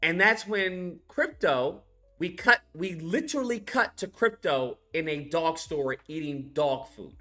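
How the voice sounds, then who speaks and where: A man's voice: on the high side, unhurried, faint music behind. A man casually recapping a film scene by scene, swearing a lot and acting out the characters as he goes. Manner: profane, animated, retells scenes by acting them out. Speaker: film reviewer.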